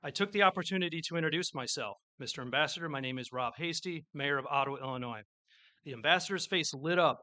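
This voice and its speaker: A man delivers a formal public address as mayor, with a few stumbles along the way. His voice sits a bit high and bright, and it is recorded close and dry. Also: brisk, no room sound. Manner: formal prepared speech with small slips, storytelling. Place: public event with an audience.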